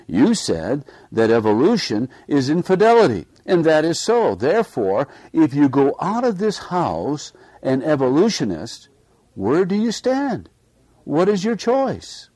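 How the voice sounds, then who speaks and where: A man's voice: fairly high pitch, huge pitch swings, measured pace, dark tone, no echo. A man delivering a sermon in an earnest way, pressing his listeners with pointed rhetorical questions. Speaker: preacher. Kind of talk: read-aloud sermon.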